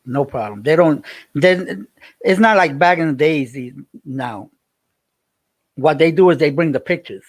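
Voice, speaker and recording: A man's voice: fairly high pitch, lively intonation, a little slow, no echo. A man, livestreaming and chatting with viewers in a rambling way, repeating himself as he tells a story. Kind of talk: casual livestream chat.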